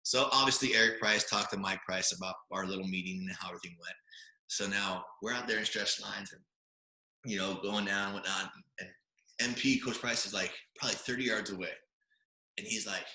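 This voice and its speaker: Bright-voiced man telling a long story. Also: fairly low pitch, fairly quick. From Hawaii. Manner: animated storyteller, many fillers and tag questions. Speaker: podcast guest, former quarterback. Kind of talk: storytelling in a casual interview. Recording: roomy echo.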